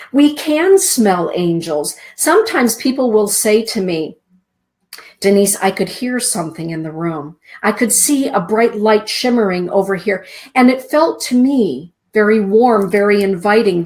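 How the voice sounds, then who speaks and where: A middle-aged woman hosting a spiritual talk show. She tells a heartfelt personal story and teaches in a gentle, earnest way, often dropping to a soft hush. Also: mid-range voice, expressive, measured pace.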